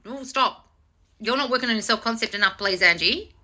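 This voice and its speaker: Quick-paced and high-voiced, a woman live-streams as a manifestation coach, tackling viewer comments with bluntness and plenty of profanity. Her delivery is animated and teasing, aimed straight at viewers, with frequent mocking put-on voices.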